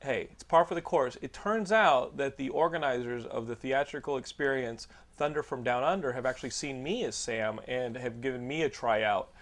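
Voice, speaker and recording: A man's voice: mid-range voice, normal speed, few pauses, fairly bright tone. A man hosting a casual podcast chat, joking and rambling with lots of restarts. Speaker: podcast host.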